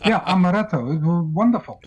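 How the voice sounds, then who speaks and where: A man's voice: high voice, animated, quick pace, crowd noise. A man chatting casually on a live stream, tipsy and rambling, prone to bursting into song. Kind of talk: casual chat. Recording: dull lo-fi line.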